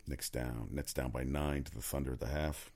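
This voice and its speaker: Deep-voiced man ranting about sports. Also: fairly even intonation, moderate pace, a little mellow. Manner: rambling, profane, opinionated, frequent restarts. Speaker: sports talk commentator. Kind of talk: casual sports commentary monologue.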